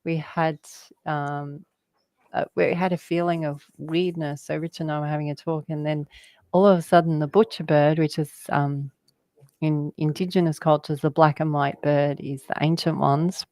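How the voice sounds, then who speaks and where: A woman's voice: low-pitched, fairly even intonation, a little mellow, no echo. A woman, a guest telling rambling spiritual stories in a conversation, often laughing. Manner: slow, meandering storytelling with laughs.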